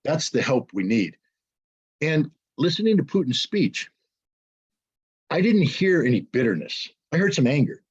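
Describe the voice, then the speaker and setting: Husky middle-aged man, emphatic commentary. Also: a little high, sing-song, unhurried, pauses often, dull audio. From United States. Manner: emphatic, rhetorical questions and repetition. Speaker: geopolitical commentator. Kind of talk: impassioned monologue.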